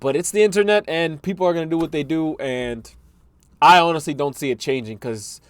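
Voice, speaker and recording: A man's voice: medium pitch, no room sound. A man hosting a reaction video, giving casual, slangy commentary on clips he plays.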